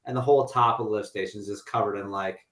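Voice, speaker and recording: A man's voice: lowish voice, steady tone, quick pace, fairly bright tone. A man casually sharing wry anecdotes among friends on a podcast, laughing as he goes. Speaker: podcast guest. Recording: roomy echo.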